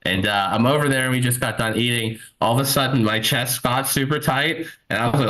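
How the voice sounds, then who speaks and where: Fast-ish and with few pauses, a comedian in his thirties tells rambling, self-mocking stories full of fillers during a stand-up set from home. He's at his computer on a video call, and the computer mic gives a rough recording of his medium-pitched, sharp voice.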